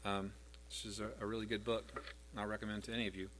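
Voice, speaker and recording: A man's voice: fairly low pitch, little pitch movement, quick pace, a bit bright. A middle-aged man preaching a sermon as pastor, repeating verses with rising emphasis.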